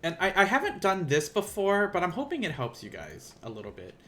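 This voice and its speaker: A man's voice: high-pitched, huge pitch swings, fairly quick, pushed and bright. A man with a Southern US accent giving a casual live-streamed language lesson, rambling and self-deprecating as he thinks aloud. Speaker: language teacher. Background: keyboard typing.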